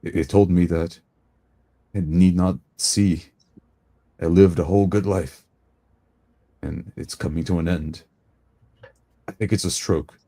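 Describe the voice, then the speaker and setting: Frail old priest, gentle and weary, soft faltering deep voice, as a game master puts him on, slow. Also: male voice, fairly even intonation.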